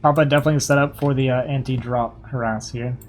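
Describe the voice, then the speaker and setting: A young man giving casual, quick play-by-play commentary on a strategy game match, a little hoarse and thinking aloud as he goes. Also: medium pitch, steady tone, soft background music. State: slightly hoarse, losing his voice. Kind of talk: live esports play-by-play commentary.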